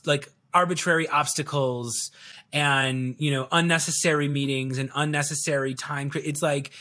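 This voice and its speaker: A man's voice: on the high side, a bit bright. A man telling stories in a casual podcast interview, playfully acting out quoted dialogue and chuckling as he talks. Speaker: sales video coach, guest.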